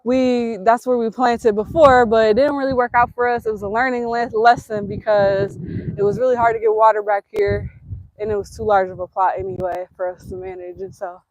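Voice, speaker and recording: A woman's voice: mid-range voice, steady tone, fairly quick, darkish tone, no echo, low-quality recording. A woman giving a casual walking tour of her rural land, chatting and thinking aloud as she goes while her husband films. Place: outdoors on a rural trail. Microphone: husband's handheld camera.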